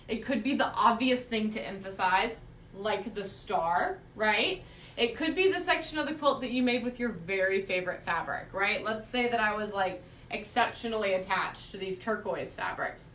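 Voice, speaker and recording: A woman's voice: medium pitch, lively intonation, normal speed, fairly bright tone, distant mic, slight background noise. Chatty woman teaching quilting, echoey room. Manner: chatty, frequent "right?" check-ins. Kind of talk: live-streamed quilting lesson.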